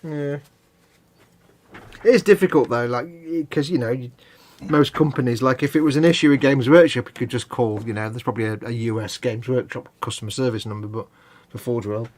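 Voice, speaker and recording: A man's voice: medium pitch, brisk, a little mellow. A man co-hosting a live hobby stream, explaining at length in a rambling, casual way with hedges and restarts. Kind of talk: casual chat.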